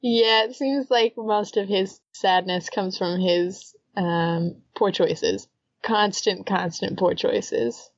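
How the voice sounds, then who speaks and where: A woman's voice: mid-range voice, fairly even intonation, slow, highs cut off. A woman co-hosting a podcast, chatting casually and recapping a story at length, laughing often. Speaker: podcast co-host. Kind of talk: casual chat.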